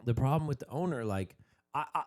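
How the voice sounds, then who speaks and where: Young male podcast guest, mid pitch, laid-back reminiscer. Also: animated. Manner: laid-back reminiscing, quotes people in quick voices. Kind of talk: casual chat.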